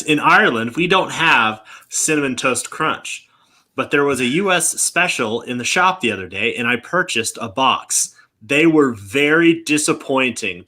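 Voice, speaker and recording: A man hosting a casual podcast, briskly reading out listener questions. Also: mid-range voice, pushed and bright. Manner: brisk, moves the show along.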